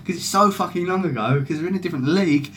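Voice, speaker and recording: A man's voice: high-pitched, rapid-fire, a bit bright, slight background noise. A young man chatting loosely on a football fan stream, swearing a lot and reading out viewer comments. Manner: sweary, rambling, reads out chat comments. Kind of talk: casual live-stream chat.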